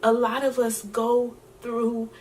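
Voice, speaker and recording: A woman's voice: fairly high pitch, little pitch movement, a little mellow, slight background noise. A young woman vlogging about her year as a singer, heartfelt and at times tearful. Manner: emotional, tearful, heartfelt, slow-spoken. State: crying at times. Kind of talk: personal vlog talk.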